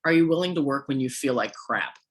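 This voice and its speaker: Giving a pep talk to salespeople, this woman hurls rhetorical questions at the room. Her worn, hoarse voice is bass-deep, animated, and brisk.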